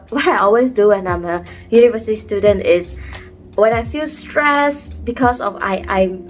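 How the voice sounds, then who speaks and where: A young woman talking earnestly to camera and giving advice, acting out the thoughts she quotes. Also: on the high side. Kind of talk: motivational talk to camera. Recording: faint music behind.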